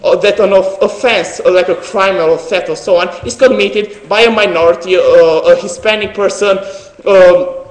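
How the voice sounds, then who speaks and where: High-voiced young man debating in an echoey hall. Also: steady tone. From Romania. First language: Romanian. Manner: earnest, halting, frequent restarts and fillers. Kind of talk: competitive debate speech.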